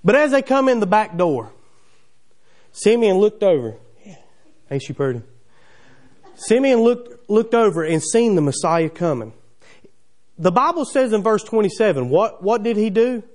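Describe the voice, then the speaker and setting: A man's voice: high voice, very animated, a little slow, long pauses, darkish tone. A man preaching a sermon in a church, telling the story in a folksy way full of wondering questions. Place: church sanctuary.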